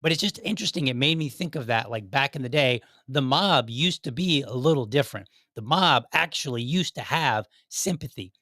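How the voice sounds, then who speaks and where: A man's voice: mid-range voice, a bit bright, no room sound, clean studio sound. A man hosting a podcast, giving casual commentary in a rambling way with many fillers and restarts. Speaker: podcast host.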